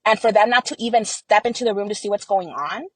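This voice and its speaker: A woman's voice: mid-range voice, fast, dry recording, low-quality recording. A young woman recounts family events to an interviewer in an earnest, rambling way, acting out what others said. Her voice sits mid-range and is recorded close and dry. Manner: earnest storytelling with many fillers and quoted dialogue. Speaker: interview guest. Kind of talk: personal testimony in an interview.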